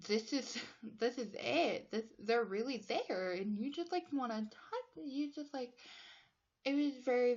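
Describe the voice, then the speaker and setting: A woman recaps an animated movie in a loose, emotional chat, full of fillers and quick laughs. Her nose is a little stuffed up from allergies, and her pitch sits in the middle range. The home recording sounds slightly dull and lo-fi. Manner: chatty, filler-heavy, emotional, laughs often. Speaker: movie reviewer. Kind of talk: casual retelling of a movie.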